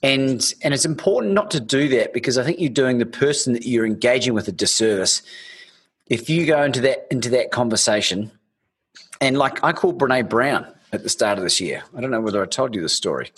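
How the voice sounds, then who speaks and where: A man's voice: mid-range voice, expressive, fairly quick, a bit bright, a little hiss or hum. A man hosting a podcast, telling stories in a rambling, casual way with many restarts. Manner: storytelling, rambling, frequent restarts and swearing. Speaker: podcast host. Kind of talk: casual interview chat.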